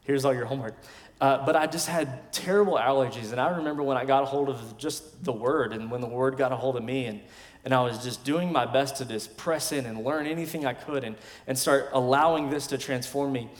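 Man, 30s, pastor, emphatic sermon, mid-pitched voice, long hall reverb. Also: a little fast. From West Texas. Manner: emphatic preaching that swings between loud declarations and quiet asides. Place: large church sanctuary.

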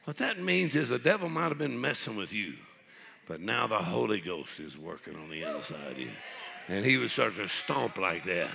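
A middle-aged man pastor preaching a sermon, telling folksy stories and building up to shouted preaching. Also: fairly low pitch, animated, moderate pace, creaky.

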